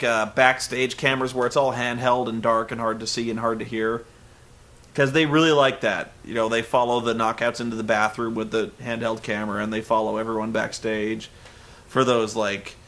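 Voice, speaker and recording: A man hosting a comedic recap, sarcastic, animated and prone to ranting. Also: mid-range voice. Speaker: host. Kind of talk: comedic recap of a wrestling show.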